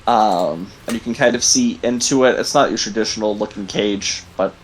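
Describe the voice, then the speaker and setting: Halting male game master. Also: on the low side, slight background noise, poor audio. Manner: halting, many ums and likes. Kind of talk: narrating a tabletop game.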